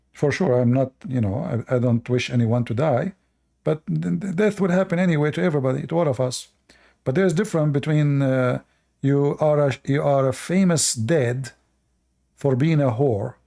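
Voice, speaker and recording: A Middle Eastern man with a medium-pitched, creaky, dark-toned voice hosts casual commentary. He rambles bluntly and crudely, full of fillers and restarts.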